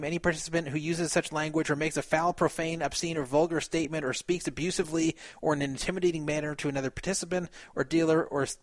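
A man's voice: fairly high pitch, dry recording. Man reading aloud on a dry mic. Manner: reads aloud then comments with fillers and laughs. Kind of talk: casual chat reading and discussing a written account.

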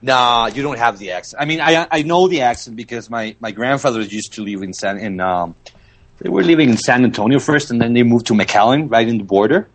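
A man's voice: mid-range voice, expressive, a little fast. Agreeable man with a light Mexican accent. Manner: agreeable, hesitant, repeats himself. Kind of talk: casual chat.

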